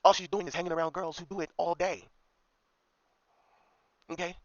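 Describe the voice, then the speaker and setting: A man's voice: high voice, steady tone, normal speed, a bit bright, dry recording. A man ranting through a commentary monologue, swearing freely and tagging his points with a repeated "okay?". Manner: profane, repetitive, keeps asking "okay?". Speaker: commentary vlogger. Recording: dull lo-fi dry recording.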